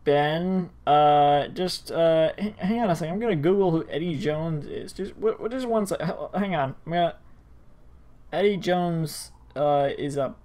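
A man's voice: a little high, measured pace, a little mellow. A man hosting a let's play, rambling in casual commentary with frequent stammers and self-interruptions.

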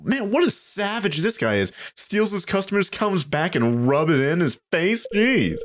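A man giving casual let's play commentary, thinking aloud and getting excited at surprises. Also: mid-range voice, normal speed, noisy background. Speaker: gameplay commentator.

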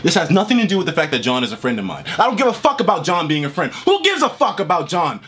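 A man's voice: a little high, wildly swooping pitch, fast, fairly bright tone, slightly rough. A man giving a heated, profane reaction rant, reading messages aloud and snapping back at them. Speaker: online streamer.

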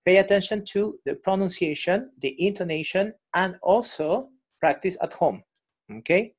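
A man's voice: high voice, moderate pace. A male English teacher running an online class over a video call, patiently explaining and repeating examples.

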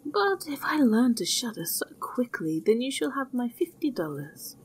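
A woman's voice: fairly high pitch, sing-song, moderate pace, slightly rough, voice pushed up, full character voice. A woman voicing a fearless, naive young man who speaks plainly and earnestly in a storybook reading.

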